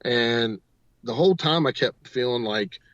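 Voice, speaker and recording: Man, radio guest, rambling storyteller, mid-pitched voice, dull lo-fi sound. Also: measured pace, a bit bright, no echo. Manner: rambling storyteller, strings clauses with "and". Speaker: paranormal investigator, radio guest. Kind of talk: telling a story on a talk radio show. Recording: dull, dry lo-fi audio.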